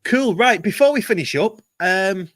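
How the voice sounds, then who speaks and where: A man's voice: high voice, lively intonation, moderate pace, a bit bright, no room sound, studio quality. A man hosting a casual football podcast, jokey and laid-back, often ending with tag questions. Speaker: podcast host.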